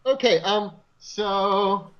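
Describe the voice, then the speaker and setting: A man reading along with friends, joking and drawling his lines very slowly. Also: high-pitched, a bit bright, lo-fi sound. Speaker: co-reader voicing Lightning. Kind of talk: comedic dramatic reading.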